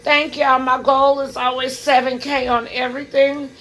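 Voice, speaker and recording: A woman's voice: sits high, little pitch movement, normal speed, a bit bright, rough recording. A woman in her thirties, livestreaming from home into her phone in a casual, heartfelt chat, talking straight to her viewers.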